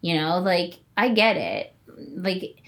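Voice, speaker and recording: A young woman with a lowish voice chatting casually. She laughs often and swears freely. She talks in a loose, relaxed flow as a martial arts student. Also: takes it slowly, vocal fry. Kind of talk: casual chat.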